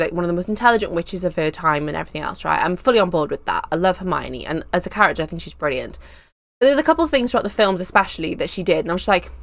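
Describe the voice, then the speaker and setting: A woman in her thirties hosting a casual live stream, chatty, excitable and a little nervous, drifting onto tangents. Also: on the low side, no room sound. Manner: nervous, giggly.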